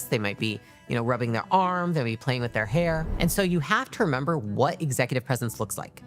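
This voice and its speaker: Woman with a deep voice doing a motivational talk, punchy and direct, faint music behind. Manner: direct, emphatic, acts out examples.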